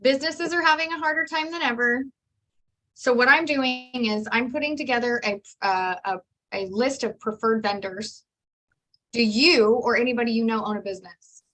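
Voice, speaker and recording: A woman real estate agent telling lively stories and acting out her conversations in a training session. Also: a little high, normal speed. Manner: animated storyteller, acts out dialogue.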